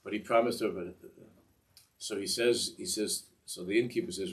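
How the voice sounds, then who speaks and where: A man teaching a class who tells a Hasidic story in a rambling, halting way, with many restarts and asides. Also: sits low, fairly even intonation, far from the mic, a little hiss or hum. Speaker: Torah teacher.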